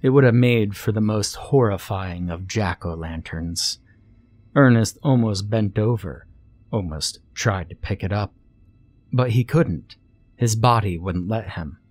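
A man narrating a scary story in a slow, measured storytelling manner. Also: on the low side, darkish tone. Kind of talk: scripted horror narration.

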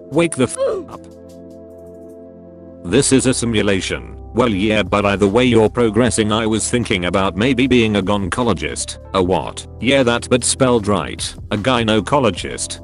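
Comedy narrator, male, lower register, dry and wry delivery reading text chats, faint music bed. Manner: wry, reads messages aloud then comments dryly. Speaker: narrator of meme videos. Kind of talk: reading out text messages with comic asides.

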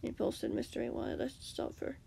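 A defiant young male captive answers back plainly and stubbornly, voiced by a woman reading a fan story. The tone is lively and a little gravelly. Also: fairly high pitch, brisk, pitched above the performer's own voice, full character voice. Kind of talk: amateur fanfiction reading.

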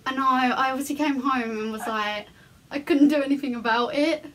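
High-voiced playful young woman. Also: normal speed. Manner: playful, laughs a lot. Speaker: friend and co-host. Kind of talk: casual chat and prank call.

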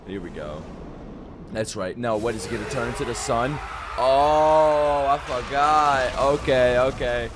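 A man reacting to an anime episode, talking back at the screen in excited bursts, joking, swearing and laughing. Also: mid-range voice, a little slow, background noise. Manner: excitable, shouting outbursts and swearing; jokey running commentary, laughs often. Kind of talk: live reaction commentary.

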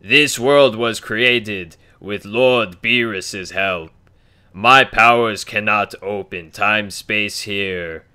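A man voicing a lordly male god of destruction from a video game, reading in a low, measured, grave way. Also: pushed and bright, clean tone, exaggerated voice.

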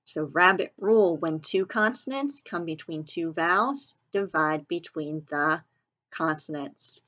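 Woman teacher, patient, spells words aloud, lowish husky voice. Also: measured pace, a bit bright. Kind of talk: recorded reading and spelling lesson.

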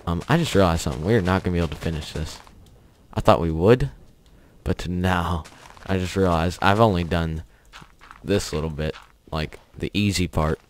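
A man's voice: deep voice, normal speed, a little hiss or hum. A young man hosting a gaming channel, telling a story in a rambling, offhand way with chuckles while he plays. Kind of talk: casual commentary over gameplay.

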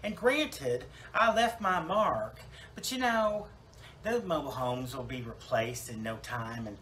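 A man's voice: medium pitch, animated, measured pace, fairly bright tone, slight background noise, poor audio. A man voicing a chatty, self-absorbed woman salon owner newly dead in heaven, rambling with fillers and restarts in a comic church monologue. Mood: wry rambling. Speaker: preacher in character.

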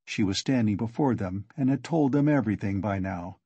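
A man narrating a classic novel as an audiobook, in a steady storytelling manner with a husky voice. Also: fairly low pitch, fairly quick, no echo. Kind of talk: scripted narration.

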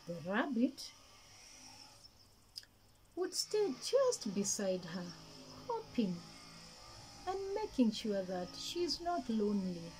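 Gentle sing-song woman storyteller. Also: a little high, very animated, slow, pauses often, slight background noise, poor audio. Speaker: kindergarten storyteller. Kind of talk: children's storytelling.

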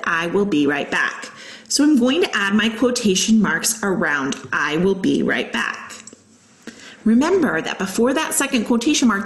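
Woman teacher, lively pitch, echoey room. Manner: clear step-by-step explaining, slows to read examples. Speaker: guest teacher. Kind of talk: classroom grammar lesson.

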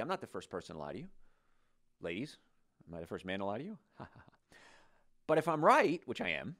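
An older man hosting a health talk show, telling stories in an animated, joking, folksy way. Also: fairly low pitch, fairly quick, long pauses.

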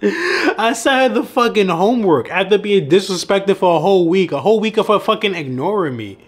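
A man's voice: sits high, sing-song, a little fast, slightly rough. A young man who coaches on dating, telling a story in a casual vlog, laughing often and swearing freely.

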